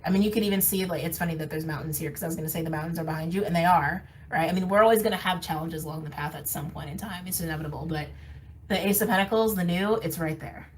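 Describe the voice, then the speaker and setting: Speaking fast in a fairly low voice, a tarot reader offers a casual, intuitive reading to camera. The low-quality recording is distant with slight background noise, and she comes across candid and emphatic, frequently laughing and repeating phrases to stress them.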